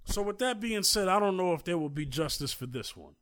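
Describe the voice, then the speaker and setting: A man's voice: high-pitched, expressive, fairly quick, fairly bright tone, a little hiss or hum. A man co-hosting a casual talk, recounting a story at length and growing emphatic as he goes. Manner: storytelling, grows heated and emphatic. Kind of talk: casual conversation.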